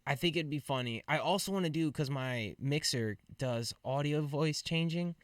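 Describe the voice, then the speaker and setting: A man's voice: fairly high pitch, normal speed, no echo, clean studio sound. A man hosting a gaming podcast, chatting in a laid-back way and laughing easily. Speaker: podcast host and streamer. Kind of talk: casual chat.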